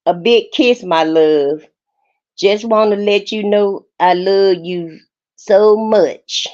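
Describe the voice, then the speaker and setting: A woman putting on a slow, doting jailed man. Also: mid-range voice, darkish tone, highs cut off, natural voice. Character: lovesick jailed man on a phone call.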